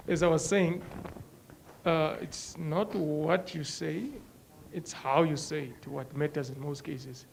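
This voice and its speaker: A man with a Namibian English accent, a workshop participant, answering a question in a measured way. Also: on the high side, vocal fry, slight background noise, poor audio.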